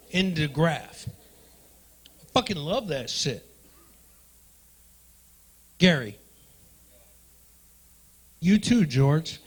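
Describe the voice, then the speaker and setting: A man doing profane stand-up comedy in a club, riffing loudly with the crowd. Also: a little high. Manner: loud, profane, riffing with the audience. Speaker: stand-up comedian hosting the night.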